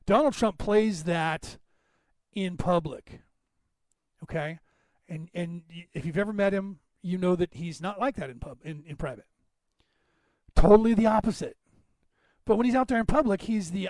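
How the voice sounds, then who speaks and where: Podcast host, male, high-pitched, emphatic and chatty, dry unechoing room. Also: moderate pace, long pauses, a little mellow, dry recording. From Northern California. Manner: rambling, emphatic, addresses listeners by name. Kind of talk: casual monologue to listeners.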